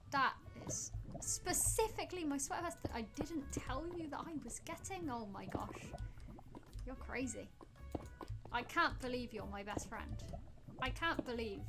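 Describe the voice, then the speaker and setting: A woman's voice: on the high side, creaky. A woman live-streaming a game, chatting playfully with her viewers and teasing them in mock outrage. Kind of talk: live-streamed gameplay chat, talking to viewers. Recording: background music playing under the voice.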